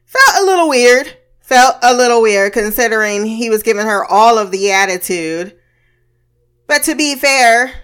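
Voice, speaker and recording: A woman's voice: on the high side, measured pace, fairly bright tone, clean tone. A woman giving a casual, blunt recap of a TV episode, swearing freely and laughing often between remarks. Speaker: TV episode reviewer.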